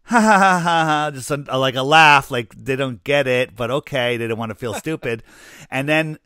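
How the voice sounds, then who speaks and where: A man's voice: mid-range voice, fairly even intonation, normal speed, pushed and bright, clear, resonant tone, dry recording, clean studio sound. Storytelling man on a podcast. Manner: storytelling, acts out quoted people. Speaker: podcast co-host. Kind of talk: casual podcast chat.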